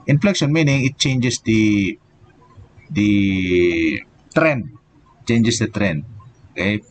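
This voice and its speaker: Man, low voice, slow pace, engineering lecture, halting with fillers, faint hiss behind. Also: animated. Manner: slow, halting explanation with many "okay" and "so" fillers. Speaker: engineering professor. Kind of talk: live online lecture.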